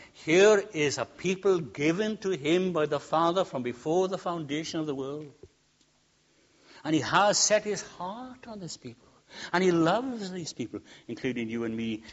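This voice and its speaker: A man preaching a sermon, swinging between loud emphatic peaks and quiet, humorous storytelling asides. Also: fairly high pitch. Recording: dull lo-fi sound.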